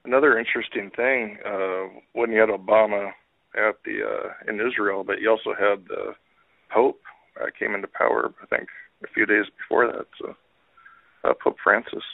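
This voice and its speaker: A man's voice: on the low side, steady tone, moderate pace, gravelly, no echo. A man calling in to a talk radio show, speaking in a rambling, tentative way. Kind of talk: call-in talk. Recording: dry phone line.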